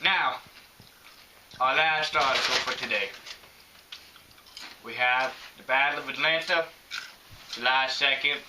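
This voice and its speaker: A man's voice: mid-range voice, steady tone, takes it slowly, pauses often. A man anchoring a mock newscast, reading out items and sign-offs in a casual, jokey way. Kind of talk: mock news presenting. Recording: distant mic with loud hiss.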